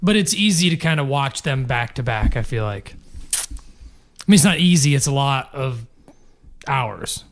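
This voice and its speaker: A man's voice: medium pitch, expressive, unhurried, pauses often, a little hiss or hum. A man co-hosting a podcast, chatting casually, explaining at length with some swearing. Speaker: podcast co-host. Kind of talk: casual chat.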